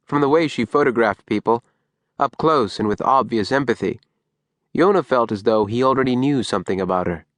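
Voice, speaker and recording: A man narrating a memoir-style audiobook in a calm, measured way. His voice sits at an ordinary middle pitch. The sound is dry and close, with no room at all. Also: no echo. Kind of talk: scripted narration.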